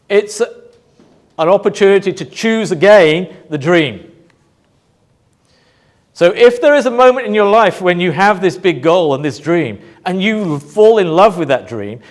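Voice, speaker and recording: Emphatic high-voiced male motivational speaker. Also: lively intonation. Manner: emphatic, rhetorical questions, dramatic pauses. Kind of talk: motivational talk to a live audience.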